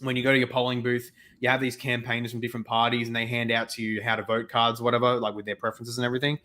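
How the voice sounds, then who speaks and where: Young Australian male host, lively storyteller, laughs easily, average-pitched voice. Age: young adult. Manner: animated storytelling, laughs often, quick asides. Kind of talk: casual chat on a video call.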